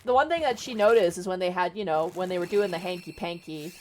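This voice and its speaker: A woman's voice: fairly low pitch, fast, a little mellow, slight background noise. A woman streamer casually retelling a book, chatty and rambling, with plenty of swearing. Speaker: VTuber streamer.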